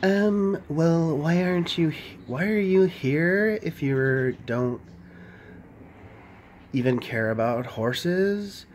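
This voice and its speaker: A woman's voice: lively intonation, takes it slowly, darkish tone, slight background noise. A man imitating a puzzled young woman who talks in a Valley Girl manner. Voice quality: higher, sing-song Valley Girl lilt.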